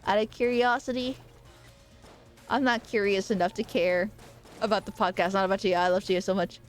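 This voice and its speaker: A young woman streaming a game and chatting casually, excitable and quick to swear, with loud playful outbursts. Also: medium pitch, faint music behind. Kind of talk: casual live-stream gaming commentary.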